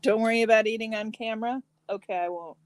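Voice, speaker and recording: A woman hosting a relaxed live stream, chatting casually with viewers and answering their comments while eating. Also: fairly high pitch, fast, no room sound, poor audio. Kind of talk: casual chat reading comments.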